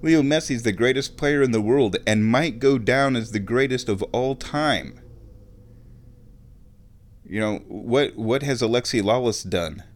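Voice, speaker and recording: A man at home, ranting and giving casual opinionated commentary on a football match, often clearing his throat. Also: mid-range voice, measured pace. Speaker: fan watching a football match.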